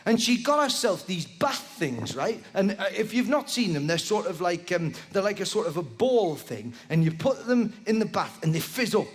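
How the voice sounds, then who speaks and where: High, lively-voiced male stand-up comedian. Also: moderate pace, few pauses, long reverb tail, faint music behind. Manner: rambling, animated storytelling with constant "right?" tags. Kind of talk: live stand-up routine. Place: live comedy venue with audience. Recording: live venue with background noise.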